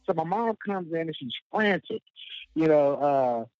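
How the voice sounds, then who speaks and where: A man's voice: fairly high pitch, lively intonation, measured pace, no room sound. A man telling a long, rambling personal story as a guest, full of fillers and laughing at himself. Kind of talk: casual storytelling. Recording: dull lo-fi dry sound.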